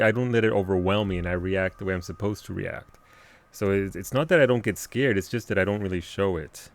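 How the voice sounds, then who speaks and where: Guy streaming a game live, swears a lot, gets hyped fast, voice bouncing all over the place. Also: lowish voice. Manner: excitable, swears often, laughs, thinks aloud. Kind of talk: live gameplay commentary and chat replies.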